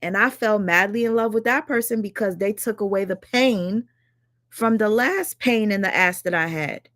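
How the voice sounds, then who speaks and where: A woman's voice: medium pitch, moderate pace, a bit bright, no room sound, clean studio sound. A woman chatting casually and candidly as a reaction streamer, swearing freely as she talks. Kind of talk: casual chat.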